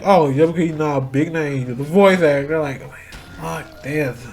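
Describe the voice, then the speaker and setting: A man's voice: a little high, normal speed, faint music behind. A man in a casual, rambling rant, full of fillers and restarts, swearing freely and growing heated. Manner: grows loud and heated. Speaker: channel host. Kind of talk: casual rant about voice acting.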